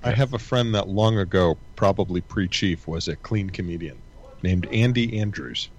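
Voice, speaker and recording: A man's voice: sits low, moderate pace, darkish tone, dull audio, slight background noise. A man in a casual group chat, recounting stories in a dry, matter-of-fact way.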